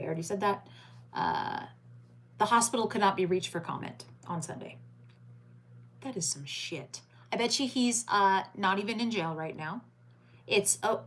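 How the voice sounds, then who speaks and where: A woman hosting a late-night livestream, chatting with viewers by name and reading crime headlines aloud. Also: mid-range voice. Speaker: livestream host.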